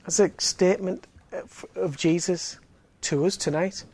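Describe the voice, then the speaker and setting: A man's voice: sits high, steady tone, measured pace, darkish tone, breathy edge, dry recording. A man giving an evangelistic talk in a chatty style, full of fillers and joking asides. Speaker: Alpha course speaker.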